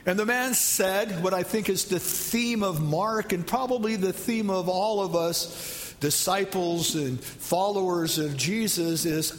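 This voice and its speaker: Pastor, male, high voice, chatty sermon style, long hall reverb. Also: a little slow, a little hiss or hum. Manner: conversational, asks the congregation questions.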